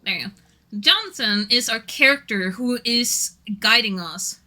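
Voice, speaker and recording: A woman's voice: fairly high pitch, lively intonation, unhurried, bright, forceful tone. A Norwegian-speaking woman streaming casually, rambling and giggling often while chatting to viewers. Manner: giggly, rambling, self-deprecating.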